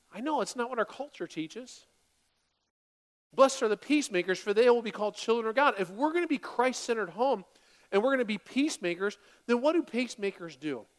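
A woman in her forties, a pastor preaching a sermon to a congregation in a church, animated and dramatic, dropping to quiet asides and rising to loud bursts. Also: fairly high pitch, fairly quick. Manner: animated, acts out quoted voices, swings from quiet to loud.

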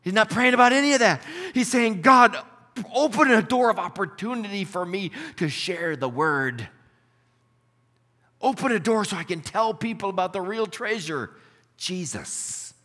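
Guy preaching in a church, high voice, acts out the characters, big echoey room. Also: moderate pace, slightly rough. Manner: animated, voices characters in stories. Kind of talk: sermon storytelling. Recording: reverberant hall.

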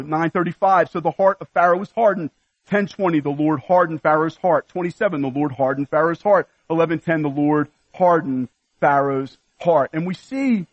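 A man's voice: sits high, fairly bright tone, no room sound, highs cut off. A man preaching a sermon, earnestly listing scripture references and exhorting his congregation. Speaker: pastor.

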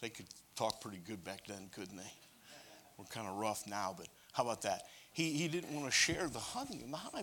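Lively male preacher with a bright, forceful voice, animated sermon with joking asides. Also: fairly low pitch, normal speed, breathy edge.

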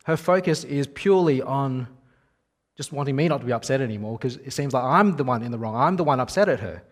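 A man's voice: medium pitch, lively intonation, fast talker. Man, 30s, preacher, sermon, conversational, wry, storytelling.

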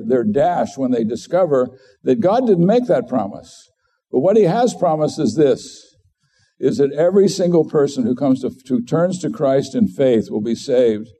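Dark-voiced man preaching a sermon. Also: medium pitch. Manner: earnest, conversational preaching with frequent restarts. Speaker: pastor.

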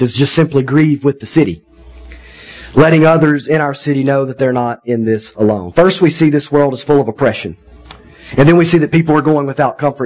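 A man's voice: on the high side, poor audio. A man in his thirties, a pastor preaching a sermon in a conversational, folksy way, often checking in with his listeners.

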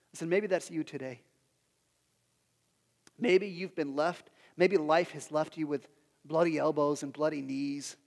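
Male pastor, 30s, high-pitched and earnest, preaching in a reverberant hall with soft music underneath. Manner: earnest, repeats phrases, drops soft for prayers. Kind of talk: sermon.

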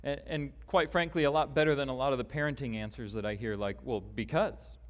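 A man preaching a sermon as pastor, deliberate and emphatic, with long pauses. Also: medium pitch. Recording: long hall reverb.

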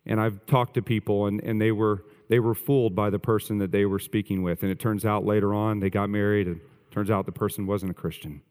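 A man's voice: lowish voice, little pitch movement, brisk, a little mellow, big-room sound. A male pastor preaching a sermon earnestly, stressing points through repetition.

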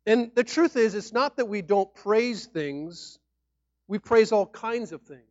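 A man preaching a sermon in an animated, conversational way, sometimes acting out people's reactions. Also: high voice, a little slow, no echo. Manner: animated, acts out shouting fans and mock-formal speech. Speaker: pastor. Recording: dry, dull lo-fi sound.

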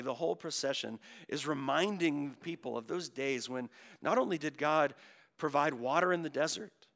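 A man preaching a sermon, moving from quiet storytelling to loud, drawn-out emphasis. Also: a little high, creaky. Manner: swings from hushed to loud, stretching key words. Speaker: pastor.

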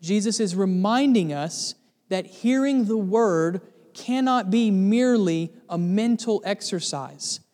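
Male pastor, high voice, earnest sermon delivery that builds to emphatic repetition, long reverb. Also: slow pace, darkish tone.

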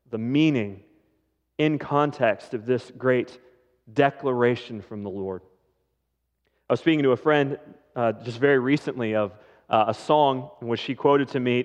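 A male pastor delivers a sermon at an unhurried, deliberate pace, leaning into long pauses. His voice carries a long hall reverb, and the recording sounds dull and lo-fi. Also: medium pitch. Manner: slow, measured preaching with dramatic pauses.

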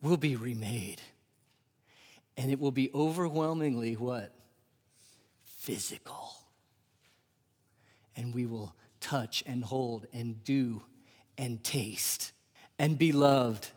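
A man in his thirties preaching a sermon. He swings from loud, rising emphasis to hushed, drawn-out near-whispers. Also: medium pitch, breathy edge. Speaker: pastor. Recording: live sermon with long hall reverb.

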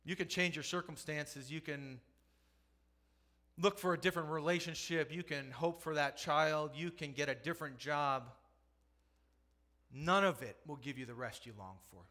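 A middle-aged man, a pastor, preaching a sermon, moving from hushed storytelling to loud, impassioned preaching. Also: a little high, moderate pace.

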